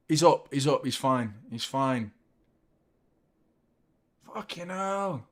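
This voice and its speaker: Male streamer, mid-pitched, excitable, swears a lot, reacts to the match and reads the chat live. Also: slow pace, long pauses. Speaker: host of a football watchalong stream.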